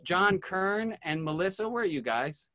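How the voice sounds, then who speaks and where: Man, video call host, friendly roll call, slightly high voice, computer mic. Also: lively intonation, moderate pace, sharp tone. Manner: friendly, greets each guest by name. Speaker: host of an online class.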